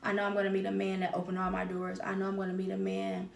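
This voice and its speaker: A woman's voice: mid-range voice, monotone, fast talker, gravelly, distant mic. Candid woman on a podcast, echoey room. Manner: candid, emphatic, repeats phrases for emphasis. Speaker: podcast host. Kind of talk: personal monologue on healing.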